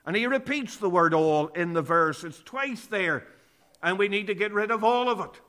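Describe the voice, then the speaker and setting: A man delivers a sermon in an earnest, emphatic way. His voice sits high and sounds bright and crisp. He quotes scripture word for word and leans hard on key words. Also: animated, moderate pace. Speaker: preacher.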